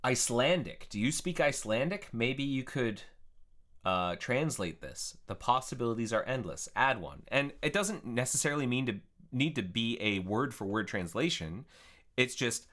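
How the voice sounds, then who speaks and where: A man chatting casually as he codes on a live stream, thinking aloud in a relaxed way. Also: medium pitch, normal speed. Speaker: software developer streaming his work. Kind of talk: casual live-coding narration.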